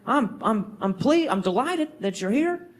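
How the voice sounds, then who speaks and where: A man's voice: very high voice, big pitch swings, unhurried, pitched above the performer's own voice, heavily acted. A man voicing a chummy, over-friendly male hotel clerk with a Tennessee drawl. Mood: welcoming.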